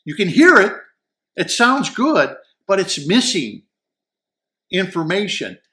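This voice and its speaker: A man's voice: high-pitched, big pitch swings, takes it slowly, sharp tone. A man giving a casual, enthusiastic audio gear review, rambling and repeating words as he searches for the right ones. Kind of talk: casual product review talk.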